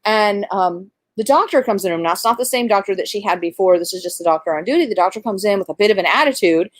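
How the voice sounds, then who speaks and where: A woman who works as a doula and midwife tells a birth story in an animated, conversational way. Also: mid-range voice, fast talker, no echo. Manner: animated, conversational, many fillers.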